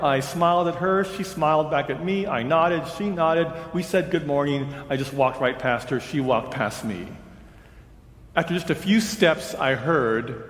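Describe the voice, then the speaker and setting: A man's voice: on the high side, slight background noise. A male pastor telling a personal story during a sermon, in a conversational storytelling way. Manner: conversational storyteller, voices others' lines in quotes. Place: church sanctuary. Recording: roomy church with long reverb.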